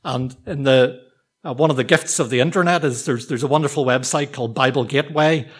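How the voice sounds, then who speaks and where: A man preaching a sermon to a church congregation, talking in a relaxed, conversational, self-deprecating way with frequent ums and restarts. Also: mid-range voice, fairly quick, husky.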